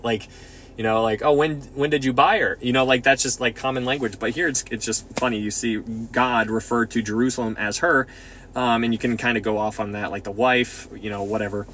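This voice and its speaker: A man leading a casual Bible study, talking in an excitable, rambling way full of restarts. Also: medium pitch.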